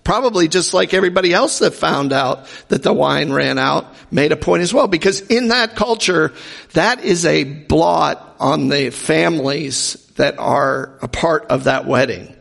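Male preacher, high gravelly voice, chatty sermon style, hall reverb. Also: measured pace, fairly bright tone. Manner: conversational, jokey asides, acts out quoted voices. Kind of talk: informal sermon.

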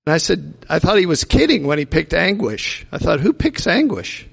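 Gravelly man introducing the next speaker. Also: fairly high pitch, expressive, brisk. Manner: chatty storyteller. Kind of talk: casual spoken introduction.

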